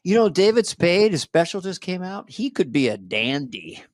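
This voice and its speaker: Jokey comedian guy on a podcast, bit higher voice than most men, dry close mic, keeps goofing around. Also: sing-song, dry recording. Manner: playful, jokey, slips into quick impressions. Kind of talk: casual chat.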